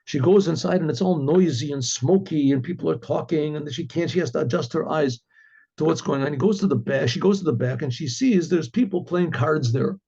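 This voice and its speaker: Animated rabbi storyteller, husky voice. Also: male voice, on the high side, brisk. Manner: animated, acts out voices with frequent throat clearing. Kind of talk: storytelling narration. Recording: dull lo-fi recording.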